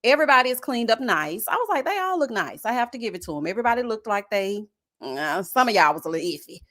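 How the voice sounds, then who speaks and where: A woman's voice: medium pitch, quick pace. A young woman hosting a casual live recap of a reality show, talking with sass, slang and plenty of shade. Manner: sassy, animated, throws shade with slang asides. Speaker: host of a reality-show review channel.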